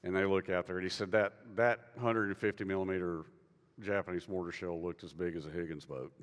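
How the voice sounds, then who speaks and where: A man's voice: low-pitched, steady tone, brisk. A male author telling a war story in a loose, conversational way, full of fillers and restarts. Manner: rambling, many fillers and restarts. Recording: long reverb of a hall.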